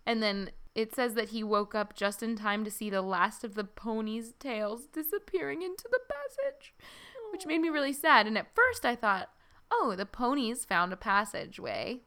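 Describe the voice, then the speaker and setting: Bright, chatty woman podcaster. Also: a little high, expressive, moderate pace, clear, resonant tone. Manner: chatty, giggly, lots of fillers. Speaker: podcast co-host. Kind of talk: casual book discussion chat.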